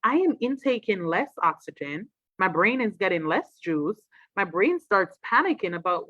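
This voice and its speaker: A woman, a trauma expert, giving an animated, casual talk on a livestream and acting out quoted voices. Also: mid-range voice, moderate pace, no echo, dull audio.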